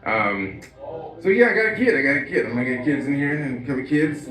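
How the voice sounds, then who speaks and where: A man's voice: medium pitch, expressive, fast talker, a bit bright. A young man doing stand-up at an open mic, talking loosely with lots of fillers and laughing at his own lines. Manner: loose, rambling, full of fillers and self-laughs. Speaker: stand-up comic. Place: small club stage. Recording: echoey room, mic heard from a distance.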